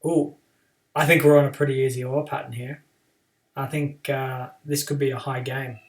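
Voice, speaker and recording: A man talks casually through a live game stream, chatty and relaxed, ribbing his opponent in a playful way. His voice sits at an ordinary middle pitch and sounds a little distant from the microphone. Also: normal speed. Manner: chatty, playful trash talk.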